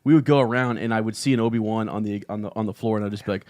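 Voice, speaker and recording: Podcast host: man, low voice, dry close sound, excitable rambler. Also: rapid-fire, no room sound. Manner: excited, rambling, quoting lines. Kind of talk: casual fan chat.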